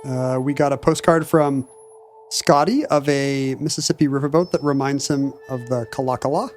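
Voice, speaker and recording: A man's voice: mid-range voice, steady tone, moderate pace, a little mellow, soft background music. A man co-hosting a podcast in casual chat, wry and bookish as he riffs. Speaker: podcast co-host.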